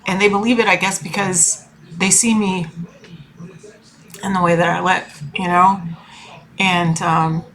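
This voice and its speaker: A woman's voice: on the low side, little pitch movement, measured pace, long pauses, a bit bright. A woman in her forties talking about her family in a personal vlog, emotional and rambling, full of fillers and restarts. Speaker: tarot reader and life coach.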